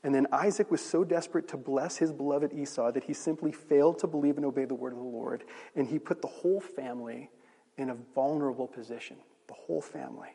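A man's voice: mid-range voice, fast talker, vocal fry, mellow, husky. A male pastor preaching a sermon, conversational and asking the audience rhetorical questions. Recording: long reverb of a large hall.

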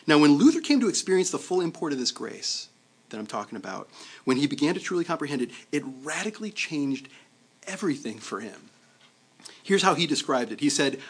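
A man preaches to his congregation in an easygoing, conversational way. His voice sits at a middle pitch for a man, and he often pauses to check in with his listeners and stumbles over repeated words. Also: expressive, breathy edge. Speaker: pastor. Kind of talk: sermon.

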